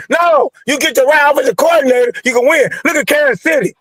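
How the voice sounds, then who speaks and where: A man with a very high-pitched voice rants in a heated, slangy rush, sounding fed up and fired up. The sound is dry and close, with no room around it. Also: fast, hardly any pauses, fairly bright tone, no room sound. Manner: fired-up, angry, repetitive, slangy. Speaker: caller ranting about football. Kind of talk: heated sports call-in rant.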